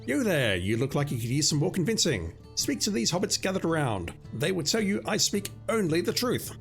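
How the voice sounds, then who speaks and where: A hoarse man voicing an earnest young male hobbit who rallies a crowd with lofty speeches. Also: a little high, very animated, fairly quick, faint music behind, pitched above the performer's own voice. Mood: rousing.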